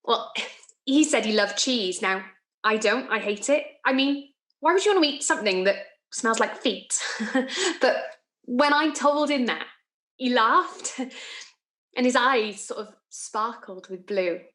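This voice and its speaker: A woman's voice: on the high side, animated, takes it slowly, fairly bright tone. An actress playing a lovestruck young office woman who chats and giggles through her confession, recorded in an echoey room. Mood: confiding. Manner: chatty, confiding, giggly asides. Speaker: actor in a monologue. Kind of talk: theatrical monologue.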